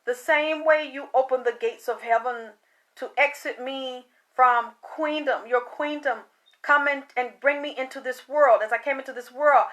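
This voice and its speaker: Woman, high and bright, psychic channeling a spirit, emotional and rambling, drops curses. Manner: emotional, rambling, swears casually. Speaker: psychic medium. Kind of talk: channeling spirit messages, monologue.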